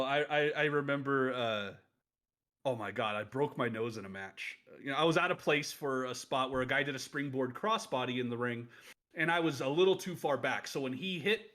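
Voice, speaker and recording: A man's voice: fairly high pitch, a bit bright. Laughing, rambling man in his late thirties. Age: late 30s. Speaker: podcast co-host, former wrestler. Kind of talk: casual storytelling chat.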